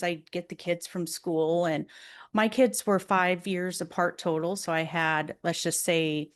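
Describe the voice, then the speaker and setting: A middle-aged woman hosting a podcast, telling personal stories in a candid, earnest way and speaking straight to listening moms. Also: on the low side. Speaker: podcast host and life coach. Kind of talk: personal storytelling monologue.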